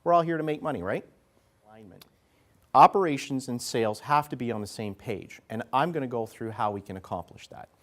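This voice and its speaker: A man's voice: mid-range voice, a little fast. A man giving a conversational business talk to a live audience, folksy and acting out what salespeople and executives say. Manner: conversational, folksy, acts out quotes. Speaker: keynote speaker. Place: event venue in front of an audience.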